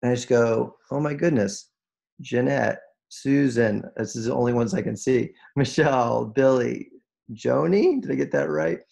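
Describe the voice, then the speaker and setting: Earnest man with a gravelly voice. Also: mid-range voice, measured pace, darkish tone. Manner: earnest, emotional, many restarts, voice rises when moved. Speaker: guest speaker on a group call. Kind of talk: heartfelt motivational talk.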